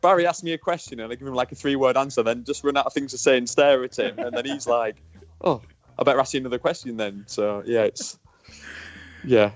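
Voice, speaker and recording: A man's voice: medium pitch, a little fast, dull audio. A man in his forties with a northern English accent, a former racer co-hosting a casual podcast, candid and jokey, swearing freely. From northern England.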